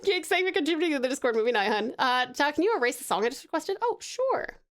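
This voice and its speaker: Australian woman streamer, high lively voice, giggly chat. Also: fast. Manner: giggly and playful, laughs often. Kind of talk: casual chat reading stream chat.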